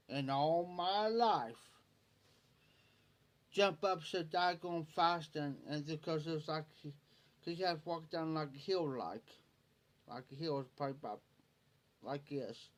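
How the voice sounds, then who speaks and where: A man's voice: a little high, a little slow, long pauses, fairly bright tone. Folksy rural Ohio man spinning a yarn. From Ohio, USA. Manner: folksy, laughing as he tells a yarn. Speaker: livestreamer. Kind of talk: late-night storytelling chat.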